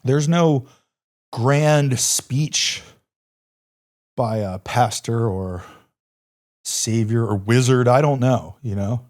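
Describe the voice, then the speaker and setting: Extremely slowly, with long pauses, a middle-aged man tells a war story as a podcast guest; he's a former Army Ranger. His medium-pitched voice is darkish, and his delivery is intense and emphatic, full of repeated phrases and blunt cursing.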